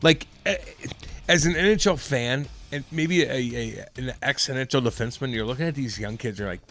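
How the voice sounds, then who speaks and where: A man in his thirties, a former pro hockey player, co-hosting a casual podcast with profane, rambling, animated stories. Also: mid-range voice, moderate pace, soft background music. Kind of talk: casual chat.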